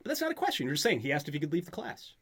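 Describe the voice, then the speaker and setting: A man's voice: fairly high pitch, huge pitch swings, racing, crowd noise. A man tutoring a student in grammar in a casual back-and-forth, often checking that she follows. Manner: patient, checks for understanding often. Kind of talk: conversational tutoring session.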